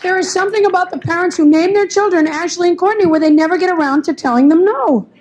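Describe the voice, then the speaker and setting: High-voiced sarcastic woman comic. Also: fast talker, a little mellow, highs cut off. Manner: chatty, sarcastic asides. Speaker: stand-up comedian. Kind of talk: stand-up comedy set. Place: comedy club stage. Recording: faint club noise. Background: audience laughter.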